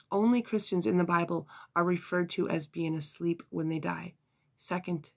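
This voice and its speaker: A Bible teacher giving an earnest, measured devotional lesson, with occasional sighs and fillers. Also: mid-range voice, vocal fry, breathy edge.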